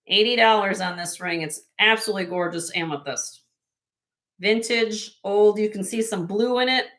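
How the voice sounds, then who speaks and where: A woman's voice: medium pitch, normal speed, fairly bright tone. A woman hosting a live online jewelry sale, chatting in a salesy way and talking straight to buyers by name. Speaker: host selling jewelry on a live stream.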